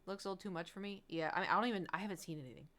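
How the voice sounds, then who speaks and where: A woman's voice: on the low side, very fast, a bit bright. A woman livestreamer in casual, rambling chat, candid and swearing freely with frequent laughs.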